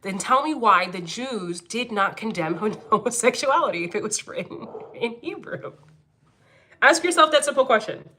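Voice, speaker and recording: A woman's voice: a little high, animated, normal speed, bright, forceful tone, husky. A woman from Philadelphia with a Philadelphia accent, chatting on a livestream as host, blunt and profane, laughing often as she reads comments. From Philadelphia, United States. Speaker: livestream host, angel medium. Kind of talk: casual livestream chat reading comments.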